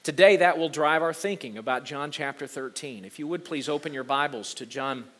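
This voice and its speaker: A man in his forties, a pastor, preaching a sermon and telling a personal story in an earnest way, with halting restarts. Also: on the high side, fairly bright tone.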